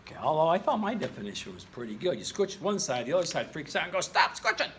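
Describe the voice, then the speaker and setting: A male chemistry teacher talks through a whiteboard lesson, recorded by a camera in his classroom. His slightly higher voice swings widely, and he keeps breaking into jokey high exclamations. Faint room noise sits under him. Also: very animated, fast talker.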